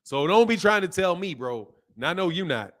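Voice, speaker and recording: A man hosting a boxing live stream, reading viewer comments and ranting in animated, slangy talk. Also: high voice, fairly quick. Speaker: boxing channel host.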